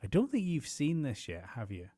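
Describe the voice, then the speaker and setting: A man's voice: fairly high pitch, wildly swooping pitch, moderate pace, mellow, no echo. A man co-hosting a podcast, chatting casually, rambling with many fillers and some swearing. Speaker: podcast co-host.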